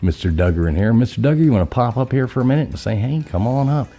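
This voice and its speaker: A man's voice: medium pitch, animated, very fast, vocal fry, mellow, faint music behind. A man hosting a casual live stream, chatty and loose, swearing casually, his voice scratchy from being sick.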